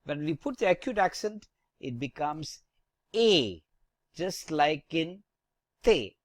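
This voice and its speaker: A teacher giving a slow pronunciation lesson on the French alphabet and accents, saying letters one at a time with corrective tips. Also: medium pitch, no room sound, studio quality.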